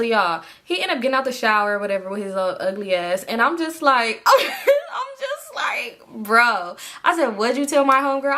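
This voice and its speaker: A young woman telling a story in casual chat, animated, swearing and jumping up high when she acts out what people said.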